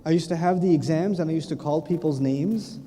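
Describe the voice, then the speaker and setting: A man giving a humorous religious lecture, telling stories with animated asides and self-corrections. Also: a little high. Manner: animated storytelling with quick asides. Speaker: Islamic lecturer. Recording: long hall reverb.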